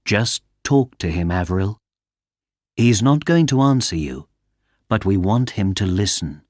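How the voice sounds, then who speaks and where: A man voicing a calm, gentle psychiatric doctor in a storybook reading. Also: on the low side, unhurried, no room sound, studio quality.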